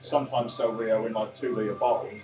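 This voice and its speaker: A man's voice: fairly low pitch, steady tone, a little fast. Dry-humoured man, distant echoey mic. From east of England. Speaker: livestream co-host. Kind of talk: casual livestream chat. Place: home living room. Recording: roomy, distant mic, music behind. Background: music playing.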